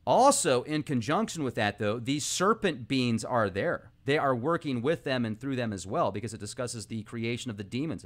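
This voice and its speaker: A man hosting an informal monologue, talking animatedly and excitably, speeding up and slowing down as he goes. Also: mid-range voice. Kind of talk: casual esoteric monologue.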